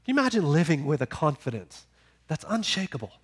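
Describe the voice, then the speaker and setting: A man preaching a sermon, building to loud emphatic peaks and then dropping low and quiet. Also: big pitch swings, quick pace, husky. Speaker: pastor.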